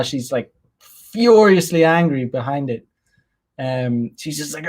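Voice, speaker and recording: A man's voice: on the high side, expressive, slow pace, pauses often, a little mellow. A man hosting his own show, talking loosely with many fillers and restarts. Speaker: host. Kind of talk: casual solo livestream commentary.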